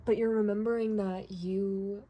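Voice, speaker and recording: A woman's voice: medium pitch, level tone, measured pace, warm tone. A woman doing a casual tarot reading who talks chattily, laughs often and drifts into asides. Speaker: tarot reader.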